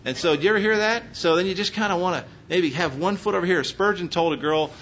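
A pastor from Pennsylvania with a slight Texas accent preaches a sermon fast, his tone fairly bright. He's emphatic and full of rhetorical questions, and the recording is muffled with a faint low rumble.

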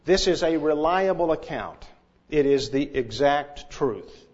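A man preaching an expository sermon, teaching in a measured, deliberate and emphatic way. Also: on the high side, lo-fi sound. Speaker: pastor.

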